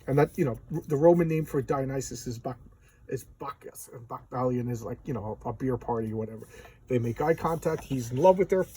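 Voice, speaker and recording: A man talks through a comic book page by page in an easygoing, rambling way, dropping in "you know" and little asides as he goes. His pitch sits in a middle range, and a faint hum of room noise stays under his voice. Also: dark tone, rough recording. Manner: chatty retelling, leans on "you know"; acts out characters' lines in quick voices. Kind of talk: casual comic book walkthrough.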